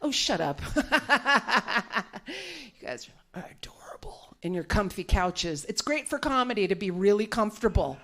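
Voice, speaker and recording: A woman's voice: medium pitch, fairly bright tone. A woman doing a live stand-up comedy set, brash and bawdy, often laughing through her lines. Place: small studio venue set up in a warehouse.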